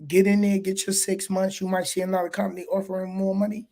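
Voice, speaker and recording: Brief: man, fairly high voice, trucker host, slangy livestream chat, easygoing. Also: monotone, quick pace, dark tone. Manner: laid-back, slangy, laughs often.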